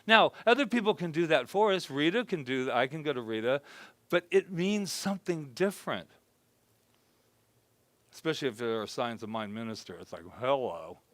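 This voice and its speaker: A man preaching an informal sermon to a congregation, conversational and joking, who softly acts out his own self-talk. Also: fairly high pitch, sing-song, brisk, dry recording. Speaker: minister. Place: spiritual center gathering before a congregation.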